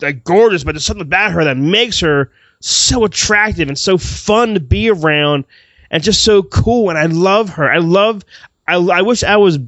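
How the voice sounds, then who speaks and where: A man co-hosting a casual movie review podcast, excitable and gushing, swearing freely. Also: high voice, normal speed, no room sound, lo-fi sound. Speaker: podcast co-host.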